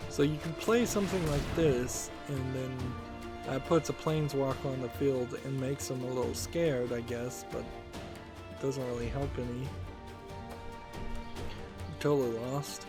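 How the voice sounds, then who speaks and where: A man's voice: medium pitch, steady tone, measured pace, pauses often. A man hosting a let's-play, giving casual commentary while thinking aloud with lots of fillers. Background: game music.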